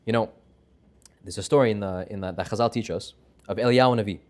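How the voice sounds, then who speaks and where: A man giving a Torah class, telling a story with lively voices for its characters. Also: on the low side, fast.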